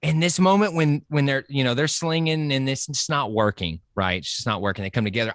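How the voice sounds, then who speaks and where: A man excitedly discussing a movie, acting out lines and laughing often. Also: medium pitch, a little fast, hardly any pauses, dry recording, clean studio sound. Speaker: podcast guest.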